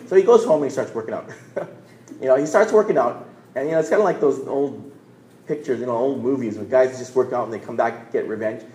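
A man's voice: medium pitch, animated, fast, warm tone. Man preaching in a roomy hall. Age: 40s. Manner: conversational storytelling, repeats words, asks "right?". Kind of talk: sermon. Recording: roomy echo.

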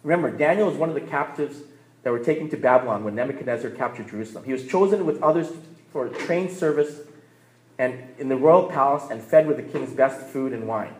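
Guy pastor preaching, mid-pitch voice, keeps saying right? and laughing, echoey room. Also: fairly quick. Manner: conversational, asks "right?" often, laughs between points. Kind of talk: sermon. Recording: roomy echo.

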